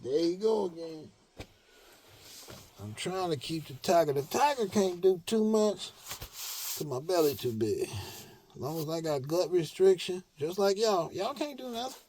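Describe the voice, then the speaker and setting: A man giving a preachy monologue to his followers, animated and full of slang, swinging from shouts to low mutters. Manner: streetwise slang with cursing. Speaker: online speaker addressing followers.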